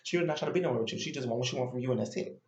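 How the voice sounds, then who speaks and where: A man's voice: mid-range voice, racing, roomy sound, highs cut off. A man giving a chatty, opinionated and sassy recap of a reality show in casual commentary.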